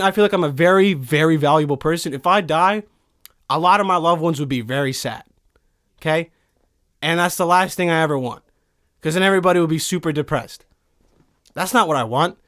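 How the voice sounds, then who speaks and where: Early twenties guy, pretty high voice, cussing nonstop while ranting a story on a podcast. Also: fairly quick, a bit bright. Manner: profane, heated, rambling. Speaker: podcast guest. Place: recording studio.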